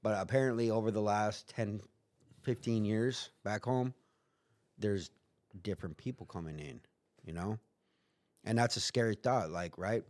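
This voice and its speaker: A man's voice: lowish voice, unhurried, pauses often, a little mellow, no echo. A man guest on a podcast, telling a story in casual chat, swearing freely and acting out what other people said. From United States. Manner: profane, acts out other people's lines in quotes.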